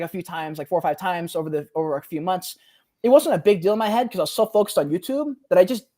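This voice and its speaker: A man in his twenties, co-hosting a podcast, telling a personal story in a casual, animated way, full of slang like "bro" and "like.". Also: high-pitched. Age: 20s. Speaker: podcast co-host.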